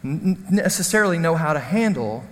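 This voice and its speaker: High-voiced pastor in a reverberant hall. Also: male voice, fairly quick. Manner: storytelling, animated, self-deprecating. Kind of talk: sermon.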